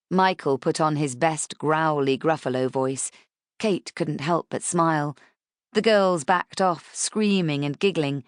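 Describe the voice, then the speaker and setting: A woman narrates an audiobook in a low, measured voice. Her reading is steady and even. The recording is close and dry, with no room sound. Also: no echo. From United Kingdom. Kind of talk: scripted narration.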